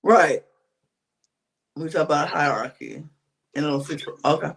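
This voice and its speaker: A podcast co-host chats casually while recapping a reality show, acting out other people's lines, sometimes whispering, and drawing out colloquial exclamations. The voice is medium-pitched and fairly bright, with vocal fry.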